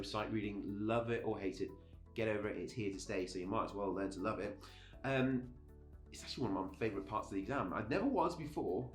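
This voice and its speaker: A middle-aged man, a music teacher, giving a casual video lesson in a chatty, upbeat way that often breaks off and restarts. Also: mid-range voice. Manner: chatty, upbeat, self-interrupting. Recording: echoey room with faint background music.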